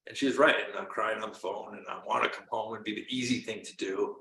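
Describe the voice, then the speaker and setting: A man in his forties from Canada gives a motivational talk, going from hushed storytelling to loud, pumped-up calls to action. His voice is bright and forceful. It sounds like he is in a roomy, echoey space. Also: on the low side, steady tone, quick pace, hardly any pauses. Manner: earnest, storytelling, swings from quiet to loud. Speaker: coach. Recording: roomy echo.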